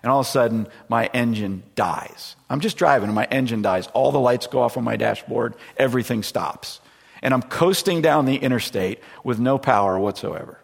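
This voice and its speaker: A man's voice: mid-range voice, fairly quick, vocal fry, husky. A middle-aged man preaching a sermon, telling a personal story in a conversational way and acting out the voices he quotes. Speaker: pastor. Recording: long reverb from a large room.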